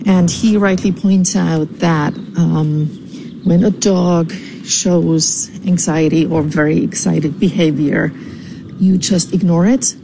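A woman from California calls in to a podcast and leaves a message. She speaks slowly and deliberately, with a gravelly edge, filling her pauses with ums. The line carries a clear layer of background noise. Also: lowish voice, fairly even intonation. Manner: measured, deliberate, many ums. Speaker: caller. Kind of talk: recorded voicemail to a podcast.

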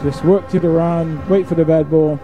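A man's voice: fairly high pitch, fairly even intonation, lo-fi sound. Male cricket pundit, music behind. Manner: measured, analytical comments. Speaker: cricket co-commentator. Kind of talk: expert analysis commentary.

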